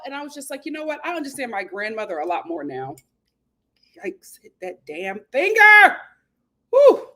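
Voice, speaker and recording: A chatty woman hosts a casual live stream from home, greeting viewers by name and ranting freely. Her voice sits a touch high, and she talks into a home webcam mic. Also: fairly bright tone.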